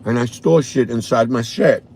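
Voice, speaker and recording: A man with a New York accent, a vlogger telling a profane, animated story from his car on a morning drive. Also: mid-range voice, moderate pace, husky. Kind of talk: casual storytelling.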